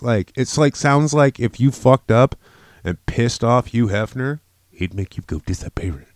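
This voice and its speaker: A man co-hosting a casual podcast, high on cannabis, swearing a lot and getting loud and shrill when outraged. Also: measured pace, no room sound. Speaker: podcast co-host.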